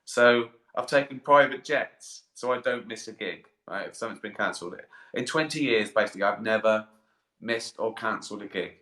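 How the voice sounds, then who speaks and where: A man's voice: on the low side, moderate pace, pushed and bright. Tired, chuckling man in an echoey bathroom. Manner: rambling, swearing, chuckling. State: tired and sleepy. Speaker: comedian hosting a live stream. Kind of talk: casual live-stream chat. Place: in a bath, bathroom.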